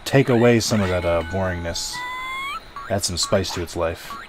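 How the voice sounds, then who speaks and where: A man's voice: deep voice, moderate pace. A man streaming a video game, rambling casually to his chat and swearing now and then. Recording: game music underneath.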